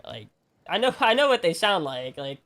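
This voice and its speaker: A man's voice: high-pitched, very animated, moderate pace, fairly bright tone. Rambling man chatting with his stream. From Alabama. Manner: rambling, heavy use of "like", frequent restarts. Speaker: game streamer. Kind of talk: casual chat with viewers while gaming.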